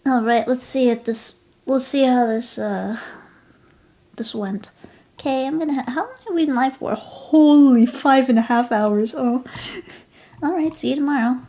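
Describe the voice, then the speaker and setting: Slow-talking gushing woman streamer. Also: sits high. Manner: gushing, slips into soft whispers. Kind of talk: casual live-stream chat.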